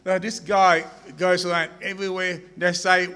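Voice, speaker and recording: A man telling jokes to a crowd at a slow, drawn-out pace, laughing at his own punchlines. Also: high-pitched, little pitch movement, sharp tone, in a large hall. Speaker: joke teller. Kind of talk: stand-up joke telling to a crowd.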